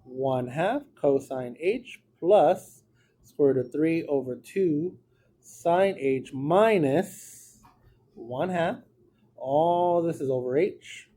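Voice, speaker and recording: A man's voice: on the high side, animated, very slow, mellow. A man teaching a math class in a classroom, explaining each step in a casual way. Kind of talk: classroom lecture.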